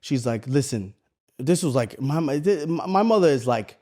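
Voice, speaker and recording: A man's voice: mid-range voice, animated, moderate pace, warm tone. A man in his thirties co-hosting a podcast, telling stories in casual, profane chat. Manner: profane, storytelling. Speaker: podcast co-host.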